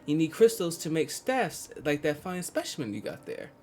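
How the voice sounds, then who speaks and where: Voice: medium pitch, very animated, moderate pace, faint music behind. An actor playing a shrewd, cagey crystal merchant in a video game cutscene, talking in a sly, guarded way.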